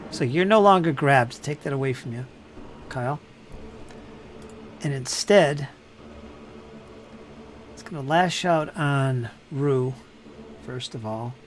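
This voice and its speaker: A man's voice: mid-range voice, slight background noise. Man running a tabletop game. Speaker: game master.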